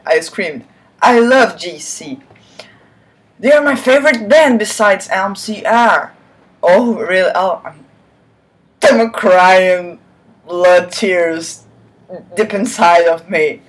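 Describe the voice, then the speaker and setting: A woman with a medium-pitched, slow voice that pauses often reads a fan fiction story in a mocking, dramatic way. Between read lines she breaks off for sarcastic asides, swearing and laughing at the text.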